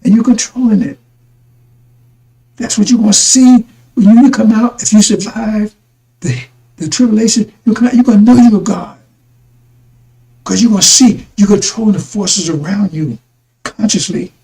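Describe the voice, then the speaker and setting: A man's voice: high-pitched, moderate pace, gravelly, long pauses, mellow, rough recording. A man giving a rambling religious talk to his listeners, repeating himself and calling them brothers and sisters. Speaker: religious broadcaster.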